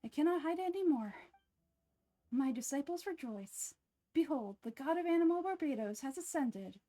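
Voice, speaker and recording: A woman's voice: high voice, animated, normal speed, warm tone. A woman voicing a small playful male bard spirit in a game dub, cheeky and theatrical. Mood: playful boastful.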